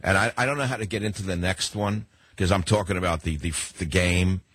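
Older male talk radio host, thick New York accent, very low husky voice, opinionated and digressive, dry studio sound. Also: steady tone, brisk, a bit bright, dry recording. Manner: rambling, combative, digressive.

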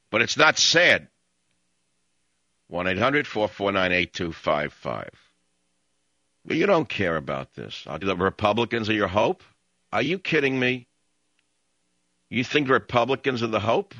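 A man's voice: on the low side, sharp tone, no echo. A man hosting a talk radio show, ranting and sarcastic as he cuts in on callers. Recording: dull lo-fi broadcast audio.

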